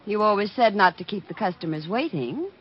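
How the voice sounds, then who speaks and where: An actress playing a spirited young woman in 1940s radio acting style, with a breathy voice. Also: medium pitch, animated, brisk, natural voice. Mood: defiant. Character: spirited young woman, photographer, then frightened client. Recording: dull old radio recording.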